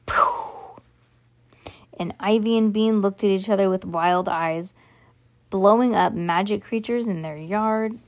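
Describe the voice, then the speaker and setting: A woman's voice: mid-range voice, unhurried, darkish tone. A woman reading a children's book aloud, who sometimes slips on a word and fixes it as she goes. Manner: slips and corrects words as she reads. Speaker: reader.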